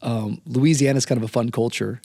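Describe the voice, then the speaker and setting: A man's voice: mid-range voice, fairly even intonation, a little fast, vocal fry, warm tone, no room sound, clean studio sound. A young man hosting a podcast, chatting enthusiastically and affirming his guest. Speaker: podcast host, pastor. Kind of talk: casual interview chat.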